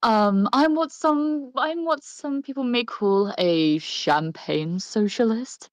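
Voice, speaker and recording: A woman voicing a smug, left-wing male politician, speaking slowly and deliberately. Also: a little high, no room sound.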